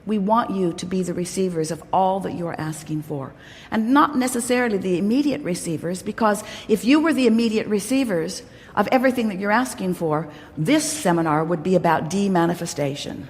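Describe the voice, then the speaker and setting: A woman's voice: mid-range voice, a little fast, darkish tone. A woman giving an inspirational workshop talk to a crowd, emphatic and playful, speaking as "we". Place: large hall. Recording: long hall reverb.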